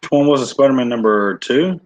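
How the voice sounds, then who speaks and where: A man's voice: medium pitch, lively intonation, brisk, no room sound, rough recording. A man chatting casually on a livestream, rambling and searching for words. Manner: rambling, lots of fillers and restarts.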